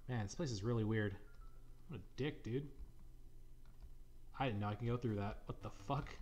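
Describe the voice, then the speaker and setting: A man's voice: lowish voice, normal speed, darkish tone, muffled recording. Sarcastic young man doing game commentary. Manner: sarcastic, profane, jokey. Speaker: let's play commentator. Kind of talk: casual gameplay commentary.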